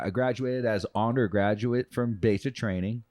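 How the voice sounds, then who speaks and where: A man co-hosting a podcast, telling a story in casual chat, swearing freely and bursting into loud quoted voices. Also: on the low side, moderate pace, dry recording, studio quality. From United States. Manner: profane, animated storyteller, loud acted quotes. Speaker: podcast co-host.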